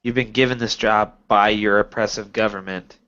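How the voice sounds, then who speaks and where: A man's voice: fairly low pitch, steady tone, moderate pace, pushed and bright, clean tone. A man co-hosting a casual gaming podcast, who hedges his talk with lots of fillers. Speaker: podcast co-host. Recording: dull lo-fi sound.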